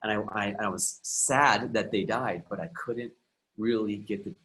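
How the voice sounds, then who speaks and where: Low-voiced man telling his story. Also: unhurried, a bit bright, low-quality recording. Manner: earnest, reflective, with frequent restarts. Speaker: guest, emotional and relationship coach. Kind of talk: personal storytelling in conversation.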